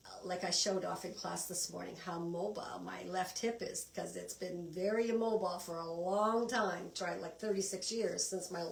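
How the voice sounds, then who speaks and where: A middle-aged woman from Canada leads a relaxed wellness class in a chatty, encouraging way, often stopping to restart a phrase. Her voice sits at a medium pitch. It sounds roomy and somewhat distant from the mic. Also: gravelly. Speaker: wellness instructor.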